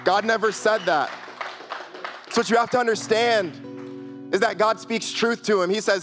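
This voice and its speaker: A man's voice: high-pitched, fairly even intonation, moderate pace, long pauses, fairly bright tone, faint music behind. A young man preaching a youth sermon in a loose, conversational way, full of "like" and repeated phrases. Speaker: youth pastor.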